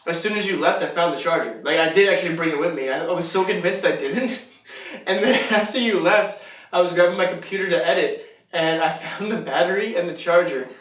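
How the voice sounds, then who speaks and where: Casting: man podcast co-host, rambling joker, slightly high voice, roomy distant sound. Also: a little fast, fairly bright tone. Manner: joking, rambling, laughs often. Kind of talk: casual chat. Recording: echoey room, mic at a distance.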